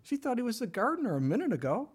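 A middle-aged man preaching a sermon in a conversational way, with sudden loud bursts, hushed asides and the odd laugh. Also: extremely high pitch, huge pitch swings, fast talker, slightly rough. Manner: jokes and laughs with the congregation. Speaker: pastor.

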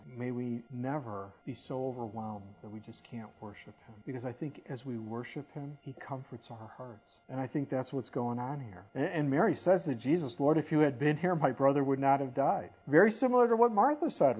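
Middle-aged male pastor, husky voice, conversational sermon delivery with big swings in volume, muffled recording. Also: mid-range voice, a little mellow. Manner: conversational, rises and drops in volume for emphasis.

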